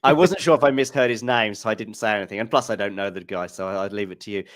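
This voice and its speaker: A man's voice: lowish voice, fast talker, no room sound, studio quality. A man co-hosting a live tennis watchalong, chatting casually and rambling with self-mocking asides. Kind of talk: casual live-stream chat.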